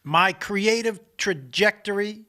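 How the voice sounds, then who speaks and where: A man's voice: high voice, slow pace, pushed and bright. A man co-hosting a podcast in casual chat, bantering playfully and boastfully. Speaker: podcast co-host.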